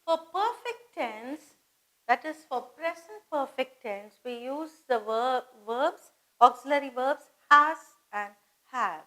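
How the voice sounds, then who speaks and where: High-pitched lady teacher going thru tenses super slowly, spelling stuff out. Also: lively intonation, pushed and bright, rough recording. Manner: slow, patient, repeats and spells out words. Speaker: English teacher. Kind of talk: grammar lesson.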